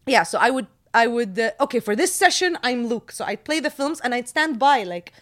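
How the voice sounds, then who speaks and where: A woman in her thirties from Jordan, chatting casually and telling animated stories with quick asides. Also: fairly high pitch. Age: 30s. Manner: animated storyteller, quick asides, laughs often. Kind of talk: casual chat.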